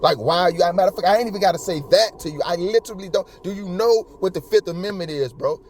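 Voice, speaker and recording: A man talks straight to his audience in slangy, heated commentary, calling them homie and bro. His voice sits a little on the high side, and he circles back over his points with real passion. A faint hum runs underneath. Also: fast, a little mellow. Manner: passionate and repetitive. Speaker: true-crime YouTube commentator.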